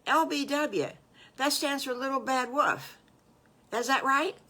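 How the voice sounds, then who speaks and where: A woman's voice: fairly low pitch, animated, measured pace, sharp tone, heavily acted. An older woman voicing a sweet, timid little boy wolf who stammers and hesitates. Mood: earnest. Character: young male wolf cub, timid and sweet.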